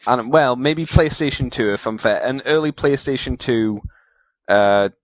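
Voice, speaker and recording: A man's voice: mid-range voice, a little slow, no echo. Joking British man co-hosting. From Britain. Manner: joking, laughs often. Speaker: podcast co-host. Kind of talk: casual podcast chat.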